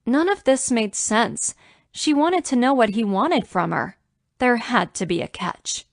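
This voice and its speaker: A woman narrating a romance audiobook in a steady, even storytelling manner. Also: fairly high pitch, measured pace, gravelly, no echo, clean studio sound.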